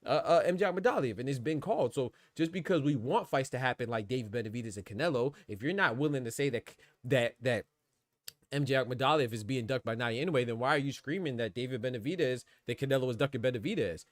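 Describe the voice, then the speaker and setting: A man's voice: medium pitch, quick pace, no room sound. Argumentative man on a boxing podcast. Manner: argumentative, rambling, repeats "man". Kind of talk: live stream commentary, reading chat.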